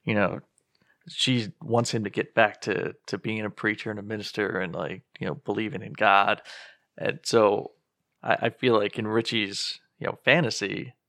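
A man's voice: lowish voice, steady tone, normal speed, vocal fry, fairly bright tone, no room sound, studio quality. A man in casual podcast talk about a film, rambling through his points and acting out lines from the scenes. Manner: rambling, acts out quotes with a laugh. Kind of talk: casual movie discussion.

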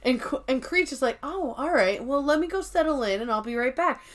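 This podcast co-host has a high voice and talks fairly quickly as she energetically recaps an episode in a casual way. She performs characters' lines in an animated retelling and swears offhandedly.

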